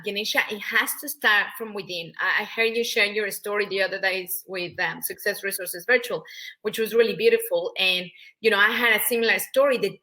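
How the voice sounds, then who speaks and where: A woman's voice: medium pitch, pushed and bright. A middle-aged woman from Mexico with a Mexican Spanish accent, talking emphatically as an interview guest and acting out quoted voices. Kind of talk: animated interview talk.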